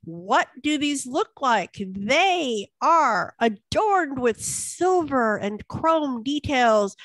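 A playful, teasing woman hosts a casual online group session. Her voice sits high and she talks at a slow, unhurried pace. The sound is close and dry. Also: fairly bright tone, dry recording. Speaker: co-host and facilitator. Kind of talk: casual online meetup hosting.

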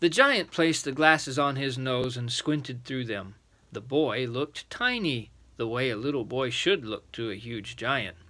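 An older man reading a children's bedtime story aloud as a lively grandfatherly storyteller. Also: mid-range voice, measured pace.

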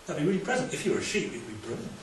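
Brief: male preacher, chatty lively sermon, recorded from afar in a very echoey hall with faint noise. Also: on the high side, recorded from a distance. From Wales. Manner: lively, conversational preaching with asides and quick humor.

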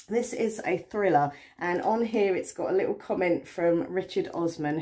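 A woman's voice: fairly low pitch, darkish tone. An English woman chatting to camera about her new books, rambling and enthusiastic with lots of fillers. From England. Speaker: book vlogger. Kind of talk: casual chat to camera.

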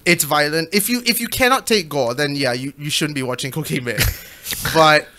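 A podcast co-host in casual chat, telling stories in an animated, excitable way. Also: medium pitch, normal speed.

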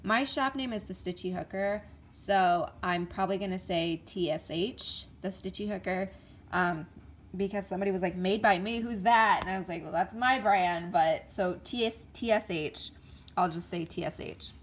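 A woman's voice: lowish voice, normal speed, a little hiss or hum. A woman chatting casually to camera in a show-and-tell vlog, stumbling over names and filling gaps with ums. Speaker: vlogger.

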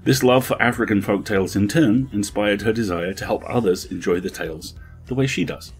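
A man hosting a horror podcast, reading the credits and introductions in a measured, even way. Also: lowish voice, breathy edge, faint music behind. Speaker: podcast host.

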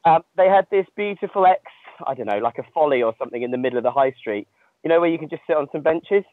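A man's voice: fairly high pitch, animated, fast talker, no room sound. A man, an ultramarathon runner calling in from the trail, telling his story in a self-mocking, laughing way. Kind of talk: casual phone chat. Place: outdoors on a long-distance trail. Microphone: phone. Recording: dry tinny phone line.

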